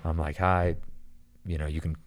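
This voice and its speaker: A man telling a long story in casual chat, animated and rambling, full of "dude" and "like". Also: a bass voice, normal speed.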